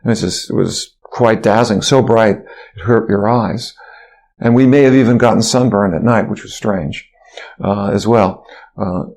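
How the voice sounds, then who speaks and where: An older man, a physician guest in an interview, telling a long story in a lively way, sometimes singing and quoting others. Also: lowish voice, unhurried, creaky. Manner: animated storyteller who sings and quotes others.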